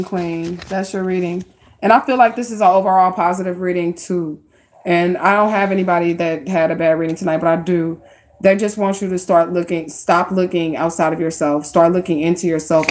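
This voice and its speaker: Here a woman with a lowish, darkish-toned voice does relaxed tarot readings on a live stream. She chats with her viewers straight on, using plenty of slang.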